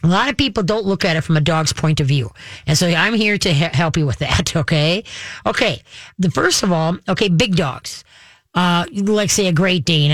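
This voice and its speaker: A woman's voice: lowish voice, no echo. A woman hosting a radio show, chatting casually about pets and acting out what the animals might say. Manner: chatty, acts out pets' voices and repeats questions.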